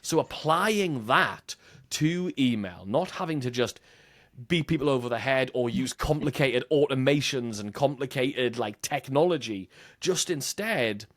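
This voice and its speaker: A man speaking as a podcast guest, his voice rising and falling in a lively way. He sits at a middling pitch and explains his points animatedly. He leans on examples and shifts his emphasis as he goes. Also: unhurried. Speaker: podcast guest, email marketing strategist. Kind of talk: conversational podcast interview.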